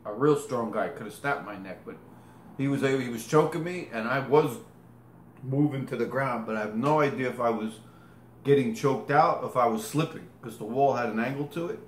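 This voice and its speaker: A man spins a long, meandering personal story, stopping to fix his words and show movements with his hands. His voice is mid-pitched and ordinary. The room gives it a noticeable echo, with faint ambience behind. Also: a little fast, a little hiss or hum. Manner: rambling, self-correcting, demonstrates with gestures. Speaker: interviewee. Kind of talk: casual storytelling.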